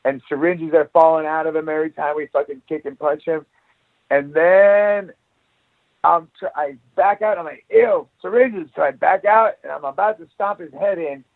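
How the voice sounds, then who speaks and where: A man's voice: fairly high pitch, moderate pace, gravelly, dry recording. A man guest telling wild stories in casual podcast chat, swearing constantly and acting out each scene. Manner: profane, animated storyteller. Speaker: guest, jiu-jitsu academy owner. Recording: tinny phone-like line.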